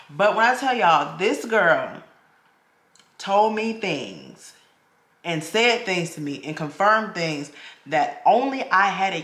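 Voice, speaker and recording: A woman's voice: fairly low pitch, fairly bright tone, reverberant. A woman, a vlogger in her thirties, tells a personal story straight to her viewers, talking to them as "y'all" and acting out the voices she quotes.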